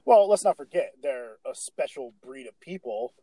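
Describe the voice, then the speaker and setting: A man's voice: medium pitch, expressive, normal speed, mellow, dry recording, low-quality recording. A man in a casual movie discussion, giving firm, emphatic opinions.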